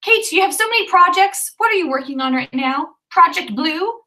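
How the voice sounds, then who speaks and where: A woman's voice: very high-pitched, expressive, normal speed, bright, forceful tone, distant mic, rough recording. A woman hosting a writing livestream, chatting casually and cheering on viewers as she reads out their comments. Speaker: livestream host of writing sprints.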